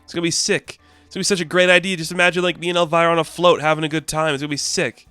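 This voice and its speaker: A man voicing a hyper, gushing young woman antihero from a comic, talking in a rushed, raised voice. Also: clean tone, no echo, faint music behind. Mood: excited. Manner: excitable, rushed, raised pitch.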